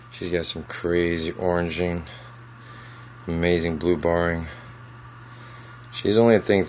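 A man talking casually about his lizards at home, softly cooing to them as he handles them on a handheld camera. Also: sits low, background noise. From United States. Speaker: reptile keeper. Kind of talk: casual vlog with pet updates. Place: at home among reptile enclosures.

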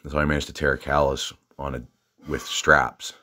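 Southern guy, extremely low voice, halting and filler-heavy, chatty gym vlogger. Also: flat delivery, bright, forceful tone. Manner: rambling, halting, lots of fillers and restarts. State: out of breath. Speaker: fitness vlogger. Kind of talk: casual rambling gym vlog.

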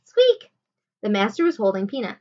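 A woman teacher reading a children's chapter book aloud at home, with expressive delivery. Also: medium pitch, normal speed, muffled recording. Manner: expressive, animated. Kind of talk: storybook read-aloud.

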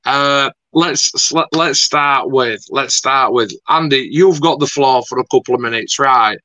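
A man's voice: medium pitch, a little slow, sharp tone, no echo, rough recording. A man interviewing a guest in a rambling, chatty, mildly sweary way. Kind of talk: casual video-call interview.

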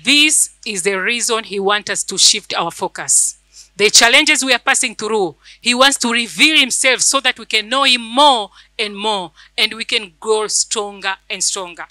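A woman's voice: on the high side, moderate pace, sharp tone, no echo, rough recording. Fervent woman preaching. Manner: fervent, repeats phrases for emphasis. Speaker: church elder preaching. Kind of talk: sermon with personal testimony.

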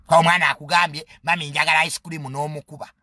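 A man's voice: on the high side, little pitch movement, fast talker, pushed and bright, dry recording, studio quality. A man with a Ugandan accent giving a casual, comedic monologue in a mocking, boastful tone and mixing English phrases into his talk.

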